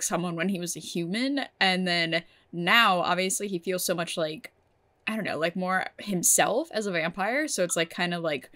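A woman's voice: medium pitch, fairly bright tone. Young woman gushing over a TV episode. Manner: gushing and emotional, swears, many "like" fillers. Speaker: TV episode reviewer. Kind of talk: casual reaction review.

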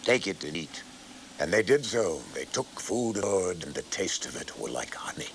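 A man tells a scripture story aloud in a dramatic, old-fashioned way. His pitch sits in the middle but moves a lot, rising and falling with the story. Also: sing-song, moderate pace, a little hiss or hum, rough recording. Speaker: narrator.

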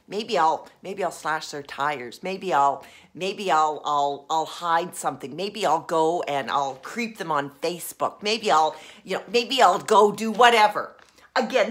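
Female life coach, bright and forceful tone, expressive demo of moods from whisper to rage. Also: mid-range voice. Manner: expressive, swings from soft whispers to raging. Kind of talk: coaching video, acting out emotions.

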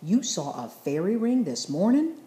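Storybook: kindly old grandpa who loves to tease, a woman reading him; low, mellow, roomy. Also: moderate pace, close to an everyday voice. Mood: fond. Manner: gently teasing, chuckling.

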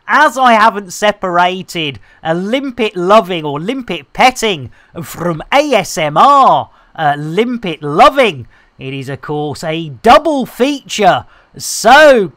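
Cheeky woman streaming, slow-paced. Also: medium pitch, big pitch swings, a bit bright, no room sound. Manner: cheeky, bantering, playful. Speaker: live streamer. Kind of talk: casual live-stream commentary.

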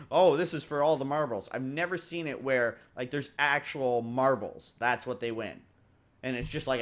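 A man's voice: mid-range voice, a bit bright. A young man giving casual, joking let's-play commentary, laughing often and mimicking characters. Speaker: gaming commentator.

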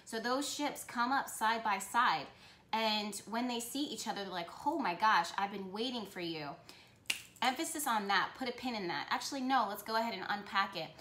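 A woman giving a tarot reading for her channel, talking with excitement and often breaking off to correct herself. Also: a little high, brisk, roomy sound, a little hiss or hum. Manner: excited, rambling, self-correcting. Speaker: tarot reader.

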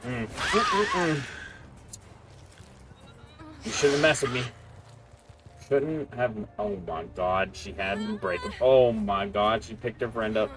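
A man's voice: on the low side, unhurried. A man giving casual gameplay commentary as a streamer, taunting and joking at the other players. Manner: trash-talking, taunting and joking at opponents. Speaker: gaming streamer. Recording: game music playing under the voice. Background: game music.

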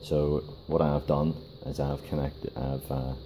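A man giving a casual hands-on workshop demonstration, talking in a halting way with many fillers and restarts. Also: rumbling low, little pitch movement, background noise. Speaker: DIY car repair video host.

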